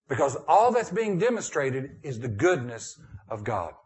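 A man preaching a sermon as pastor, moving between emphatic and hushed tones. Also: mid-range voice, big pitch swings, a little slow. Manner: preaching with rising and falling intensity, dropping to a hushed prayer.

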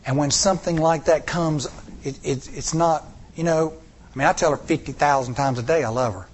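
A man's voice: on the high side, fairly quick, slightly rough. A middle-aged man preaching a sermon to a congregation, with repeated rhetorical questions and rising emphasis. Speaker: pastor.

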